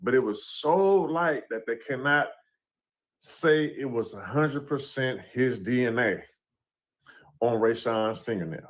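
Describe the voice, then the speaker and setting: A man's voice: medium pitch, lively intonation, unhurried. A man giving casual commentary on a court case, talking loosely and often adding "you know what I'm saying".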